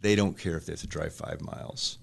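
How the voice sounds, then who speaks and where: Low gravelly businessman. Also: fairly even intonation, brisk. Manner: rambling anecdotes with acted-out quotes and chuckles. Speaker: restaurant franchise owner, guest. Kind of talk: casual storytelling interview.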